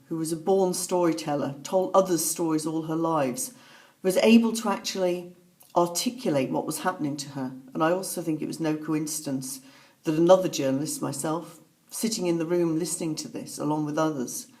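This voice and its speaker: A woman speaking softly and haltingly, telling a personal story as reflective testimony. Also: sits low. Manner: soft-spoken, halting, with pauses and fillers. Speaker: author recounting a personal story.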